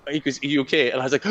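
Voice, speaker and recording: A man's voice: mid-range voice, a bit bright, lo-fi sound. A young man co-hosting a casual podcast chat, telling a story with energy, swearing and laughing often. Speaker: podcast co-host.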